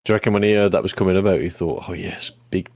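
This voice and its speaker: Male podcast co-host, deep and quick, blunt sweary banter. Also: a little mellow. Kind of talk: casual chat.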